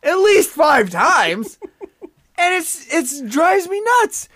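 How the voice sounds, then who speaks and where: Animated man talking sports. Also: extremely high pitch, slow pace, dry recording. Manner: animated, exclaiming and joking. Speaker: podcast co-host. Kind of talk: casual sports talk. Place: room with a window open.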